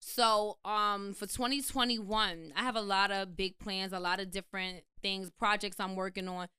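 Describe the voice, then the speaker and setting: A young woman from the West Indies, a musician guest, talks in a loose, slangy way and tells stories with plenty of animation. Her voice is bright and smooth, and it sits close to a dry, close mic. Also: medium pitch, normal speed, dry recording. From West Indian. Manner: casual slangy, animated storytelling. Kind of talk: casual interview.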